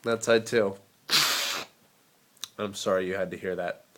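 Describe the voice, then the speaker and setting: A man's voice: low voice, steady tone, unhurried. A young man talking straight to camera in a casual vlog, rambling through tangents with self-deprecating asides, a little drowsy from cold medicine. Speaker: vlogger.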